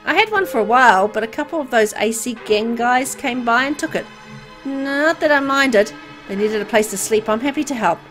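A woman's voice: on the high side, lively intonation, normal speed, a bit bright, faint music behind, voice pushed up, poor audio. A woman voicing a timid young man who sleeps in a hole in the wall, eager to please and a little fidgety. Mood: meek. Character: ordinary young man hiding in a wall hole, meek and obliging.

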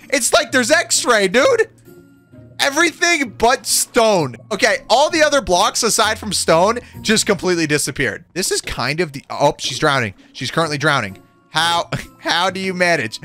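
High, lively, excitable young man. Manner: excitable, giggly, exclamatory. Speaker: gaming video creator. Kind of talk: excited gameplay commentary.

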